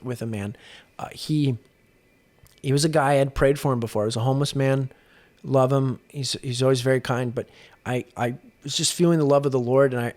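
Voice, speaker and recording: With a mid-range, darkish-toned voice, the young adult exorcist speaks as a podcast guest. His storytelling is earnest and casual, punctuated by frequent sentence restarts.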